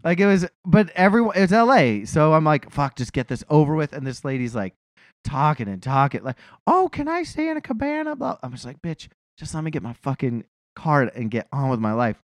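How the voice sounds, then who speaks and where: A man's voice: mid-range voice, brisk, dry recording. A man telling a profane, self-mocking story in a casual podcast chat.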